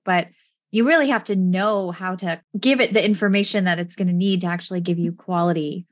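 A woman's voice: on the low side, a little fast, dry recording, studio quality. A woman hosting a casual interview, friendly, asking questions and laughing easily. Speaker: podcast host.

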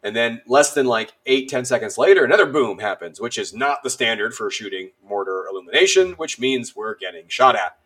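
A man's voice: mid-range voice, animated, a little fast, few pauses, a bit bright, breathy edge. A man on a podcast, telling a story casually and animatedly, with a self-deprecating humor and many fillers. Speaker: podcast guest.

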